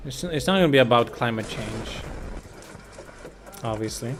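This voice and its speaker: A man's voice: mid-range voice, animated, normal speed, soft background music. A man streaming casual, profane commentary on war news, reading headlines and reacting bluntly. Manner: profane, blunt, bursts of loud laughter.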